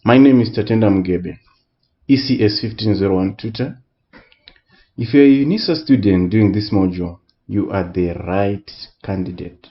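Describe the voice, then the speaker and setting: A man tutoring economics in a recorded lesson, speaking deliberately and repeating key words for emphasis. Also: lowish voice, highs cut off. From Southern Africa.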